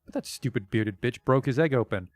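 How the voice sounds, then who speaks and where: A man's voice: medium pitch, lively intonation, a little fast, no room sound, close to an everyday voice. A man voicing an odd, plaintive young woman who lays eggs, reading from a game stream. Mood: bitter. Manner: sing-song rhymes turning to bitter grief.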